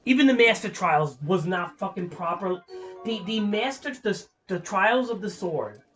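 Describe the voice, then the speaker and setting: A man's voice: sits high, fairly bright tone. A young man streaming a game, ranting with lots of swearing in frustration. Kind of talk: casual gameplay commentary.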